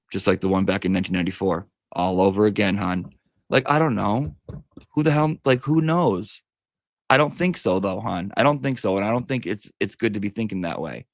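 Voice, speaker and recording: A man hosting a casual livestream chat, talking in a chatty, profane way with big swings in pitch. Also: gravelly, no room sound, studio quality. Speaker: livestream host.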